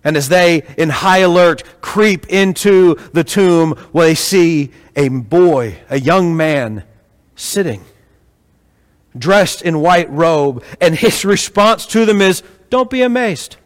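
A man preaching a sermon to a congregation, telling stories with rhetorical questions in an animated way. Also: fairly high pitch, slow pace. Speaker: pastor. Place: church hall with congregation. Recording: echoey hall.

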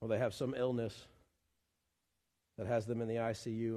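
A pastor, preaching a sermon in animated style with pleading repetitions. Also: male voice, on the low side, moderate pace, long pauses. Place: church sanctuary. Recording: long church hall reverb.

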